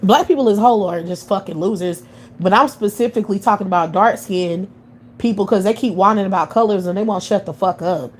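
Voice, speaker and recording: Talking fairly quickly in a mid-range voice, an American livestream commentator goes on a heated, profane rant that loops back on itself, speaking bluntly throughout. A little hiss or hum is audible.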